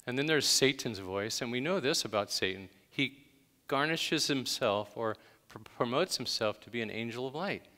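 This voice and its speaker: A man's voice: medium pitch, lively intonation, unhurried, pushed and bright, in a large hall. A man preaching a sermon in a conversational way, with sudden emphatic bursts. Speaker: pastor.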